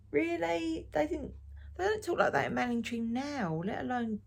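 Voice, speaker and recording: A woman's voice: sits high, expressive, measured pace, gravelly. A middle-aged woman from Essex, chatting frankly and ramblingly to camera as a knitting vlogger. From Essex, England. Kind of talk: casual chat to camera.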